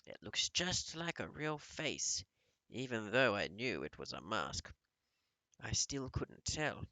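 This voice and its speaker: A man's voice: lowish voice, very animated, slow, pushed and bright, no echo, exaggerated voice. A man voicing a loving elderly grandmother. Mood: tender.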